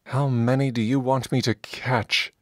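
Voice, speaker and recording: A man's voice: mid-range voice, level tone, measured pace, no room sound, pitched above the performer's own voice, natural voice. A man voicing a dim-witted, timid young male warrior in an audiobook, eager to please. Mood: anxious.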